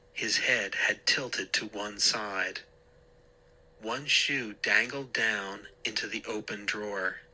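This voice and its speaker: Husky, slow male storyteller. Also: lowish voice, pushed and bright, rough recording. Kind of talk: scripted scary-story narration.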